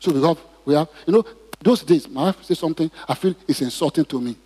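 A man's voice: on the high side, fast talker, dark tone, breathy edge. A man preaching a sermon in church, asking the congregation questions and drawing responses. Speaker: pastor. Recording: reverberant hall.

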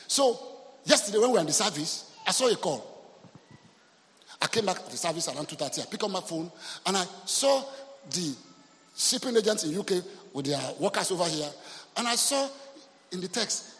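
A man with a Nigerian accent preaching a sermon, telling a story in an animated way and mixing in Yoruba phrases. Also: high-pitched, normal speed, long pauses, long reverb tail. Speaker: pastor. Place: church hall.

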